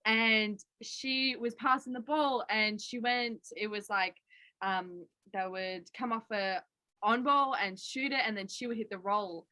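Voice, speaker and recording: Young aussie woman, bright sharp voice, lively storyteller, dry close sound. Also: on the high side, a little slow, dry recording, rough recording. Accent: Australian. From Australia. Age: young adult. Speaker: college basketball player. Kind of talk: casual interview chat. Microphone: video call.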